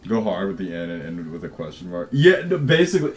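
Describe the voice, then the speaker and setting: A man's voice: low-pitched, very animated, quick pace, faint music behind. A man chatting casually on a livestream while he codes, swearing, laughing easily and often restarting his words. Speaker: game developer livestreaming.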